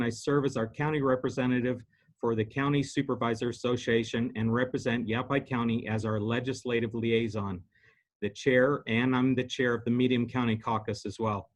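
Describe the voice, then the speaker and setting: Middle-aged man giving a campaign statement. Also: mid-range voice. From Arizona. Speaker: county supervisor candidate.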